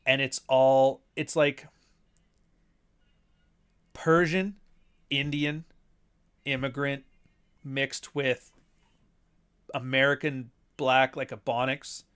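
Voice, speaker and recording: A man's voice: medium pitch, flat delivery, drawn-out words, pauses often, fairly bright tone, clean tone. A man hosting a casual talk show, ranting in an offhand, profane way and chuckling between points. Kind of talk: casual chat.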